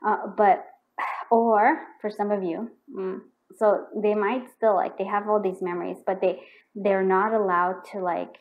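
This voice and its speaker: A woman with a narrow, mid-range voice gives an unhurried pick-a-card tarot reading over tinny audio. She rambles with fillers and restarts and mutters repeated questions to herself as she draws. When a card confirms what she's reading, she perks up and bursts out excitedly.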